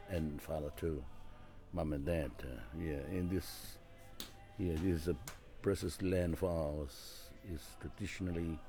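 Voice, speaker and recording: A man speaking slowly and haltingly about family and tradition in an interview, as a traditional musician. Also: low voice, warm tone. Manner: slow, halting, reflective. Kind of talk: reflective interview talk.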